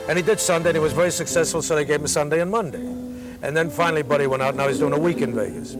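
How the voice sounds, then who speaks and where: Older comedian telling rambling anecdotes. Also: male voice, fairly high pitch, very fast, over music. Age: 60s. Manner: rambling anecdotal, repeats "I says". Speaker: comedian, interview guest. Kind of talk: casual storytelling in an interview.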